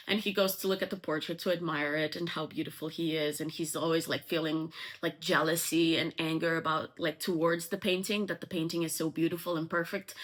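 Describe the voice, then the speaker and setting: A woman's voice: lowish voice, fairly bright tone. A woman casually retelling a novel's plot in a chatty way, full of likes and ums. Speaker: book explainer.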